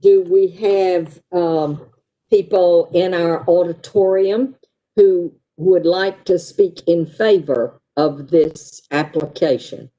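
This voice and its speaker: A woman chairing a planning meeting, speaking in slow, procedural turns. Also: on the low side, dark tone, dull audio.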